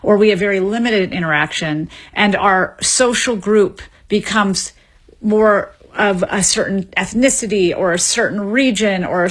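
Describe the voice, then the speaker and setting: A woman, a linguist being interviewed on radio, explaining in a measured way with small restarts. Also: mid-range voice. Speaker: linguist guest.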